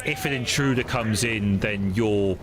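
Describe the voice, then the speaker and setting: A young man streaming a game, chatting casually with viewers in a rambling, halting way with many restarts. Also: on the low side, crowd noise. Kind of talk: casual chat while gaming. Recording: noisy stream audio.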